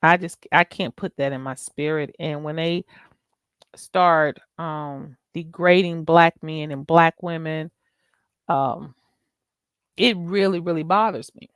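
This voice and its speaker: A woman's voice: sits low, takes it slowly, smooth, no room sound, clean studio sound. A middle-aged woman hosting her own vlog, talking in an emphatic, exasperated, preachy way. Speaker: YouTube channel host. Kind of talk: casual vlog rant.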